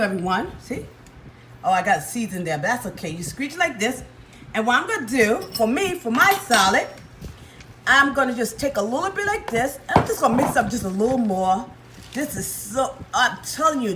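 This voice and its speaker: A woman's voice: sits high, a bit bright, a little hiss or hum. A woman chatting enthusiastically to viewers as she demonstrates a home recipe. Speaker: cooking vlogger. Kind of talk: casual home cooking demo.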